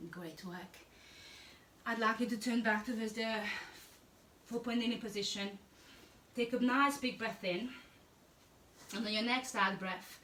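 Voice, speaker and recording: Woman, yoga instructor, calm encouraging guidance, roomy echo, distant from the mic. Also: fairly high pitch, a little hiss or hum. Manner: calm, encouraging cueing of breath and poses. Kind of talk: guided yoga class instruction. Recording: echoey room, voice from a distance.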